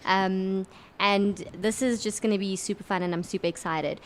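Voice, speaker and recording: A woman's voice: mid-range voice, fairly even intonation, normal speed. A woman from South Africa introducing her tabletop game character in casual chat, giggly and rambling, often correcting herself. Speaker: player.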